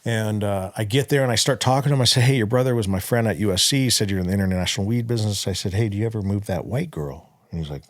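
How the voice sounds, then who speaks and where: Low-voiced man telling a blunt story. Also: very fast, few pauses, dry recording, clean studio sound. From Southern California. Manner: blunt, profane, acts out quoted dialogue. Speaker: podcast guest. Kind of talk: casual storytelling interview.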